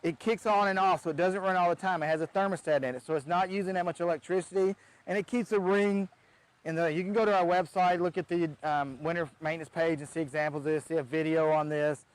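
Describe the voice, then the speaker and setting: A man's voice: a little high, steady tone, fast talker, no room sound, rough recording. A man who runs a pond business giving a casual how-to demonstration outdoors beside a backyard pond, chatty and often restarting his sentences.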